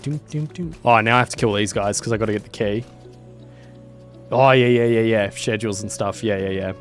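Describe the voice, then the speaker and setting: A man's voice: lowish voice, steady tone, fairly quick, soft background music. A man, chatting casually and rambling while streaming a game. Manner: rambling, lots of fillers. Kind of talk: casual chat while gaming.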